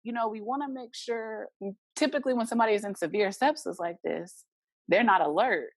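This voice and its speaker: A woman's voice: on the high side, brisk, dry recording. A woman guest in an interview, telling a personal story casually and acting out the voices of the people in it. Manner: animated, acts out the voices of people in her story.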